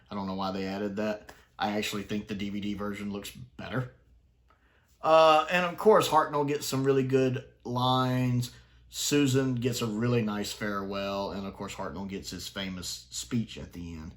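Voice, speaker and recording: A man's voice: on the low side, fairly bright tone. A man giving casual, enthusiastic review commentary, chatty, with fillers and restarts. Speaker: sci-fi reviewer.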